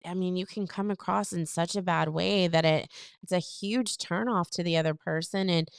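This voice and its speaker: Smooth-voiced woman giving relationship advice. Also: fairly low pitch, normal speed, no echo, studio quality. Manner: chatty, filler-heavy, animated retellings. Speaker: podcast co-host. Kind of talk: casual advice chat.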